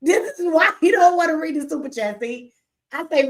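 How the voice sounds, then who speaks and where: A woman's voice: sits high, expressive, fairly quick. Tired, blunt woman livestream host. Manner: blunt, candid, joking, reads super chats aloud. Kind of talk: casual livestream chat.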